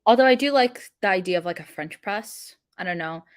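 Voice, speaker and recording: A woman's voice: medium pitch, lively intonation, fairly quick, smooth, no room sound, studio quality. Chatty young woman hosting a coding stream. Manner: chatty, filler-heavy, laughs often. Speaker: livestream coding host. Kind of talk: casual livestream chat while coding.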